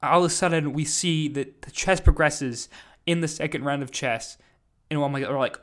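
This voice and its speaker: A man's voice: fairly high pitch, fairly even intonation, normal speed, a bit bright. A man casually recapping a live event, rambling with lots of fillers and "like". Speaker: podcast host recapping an event.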